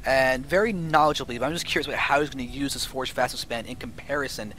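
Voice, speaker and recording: A man casting a strategy game match with analytical play-by-play commentary, getting excited at big plays. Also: mid-range voice, fast talker, slight background noise. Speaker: esports caster.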